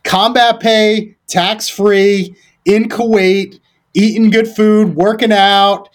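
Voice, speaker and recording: A man with a somewhat high speaking voice tells stories from his service in a relaxed podcast chat. His delivery is loose and rambling, with lots of "like", false starts and easy profanity. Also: slow. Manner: rambling, loose delivery full of "like" and restarts, swears freely. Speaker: podcast guest, former Recon Marine. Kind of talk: casual storytelling conversation.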